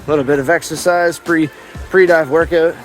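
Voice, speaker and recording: A man's voice: on the high side, fairly even intonation, a little fast, soft background music. A man vlogging outdoors in a casual, laid-back and upbeat way, chatting and narrating. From Canada. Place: outdoors on a coast.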